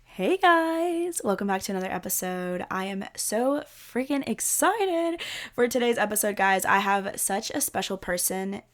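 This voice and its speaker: A woman's voice: mid-range voice, animated, a little slow. Gushing woman podcast host. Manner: gushing, upbeat, lots of likes and ums. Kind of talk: casual podcast chat.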